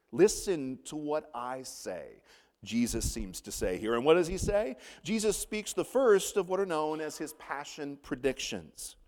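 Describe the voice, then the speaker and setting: A man preaching a sermon, with dramatic pauses and slowed-down quotations. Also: on the high side, long reverb tail. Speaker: pastor.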